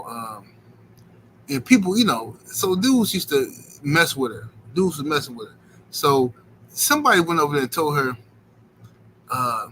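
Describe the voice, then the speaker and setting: A man's voice: medium pitch, fairly bright tone, slight background noise, low-quality recording. A man hosting a boxing livestream, rambling in slangy casual chat and filling it with "you know what I'm saying.".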